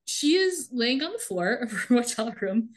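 A woman's voice: fairly high pitch, sing-song, moderate pace. A woman co-hosting a casual chat podcast, recapping a TV show with wry, sarcastic asides. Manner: wry, sarcastic, reads out lines with light voices.

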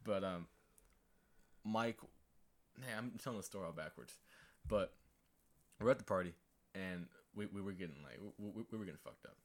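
A young man speaks in a somewhat low voice, halting and repeating words as he tells a story. It is casual podcast chat, full of ums and restarts. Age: young adult. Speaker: guest, college athlete.

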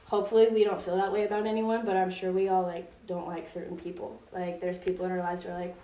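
A woman's voice: on the low side, little pitch movement, fast talker, dark tone. Chatty young woman teaching Bible story. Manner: chatty, filler-heavy storytelling with frequent "like". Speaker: youth Bible study leader. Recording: roomy echo from a distance.

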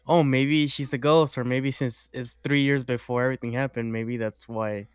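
A man's voice: medium pitch, fairly even intonation, normal speed, clear, resonant tone, dry recording, clean studio sound. A man in casual chat, chiming in with short remarks and guesses.

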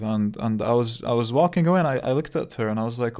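A man's voice: mid-range voice, fairly quick, hardly any pauses, a little mellow. A man hosting a podcast, telling a personal story in a candid, reflective way, often repeating words as he thinks. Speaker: podcast host. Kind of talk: casual storytelling monologue.

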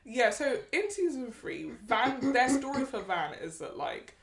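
A woman's voice: a little high, big pitch swings, a little slow, gravelly, crowd noise. Woman, podcast co-host, casual chat, chatty, roomy recording. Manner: chatty, retells scenes with quoted voices.

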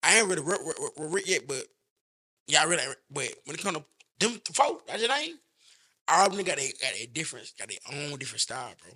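A man with a high-pitched voice, a guest in a casual chat, stammering and repeating words as he talks. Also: very animated, quick pace, pushed and bright, slightly rough. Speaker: podcast guest.

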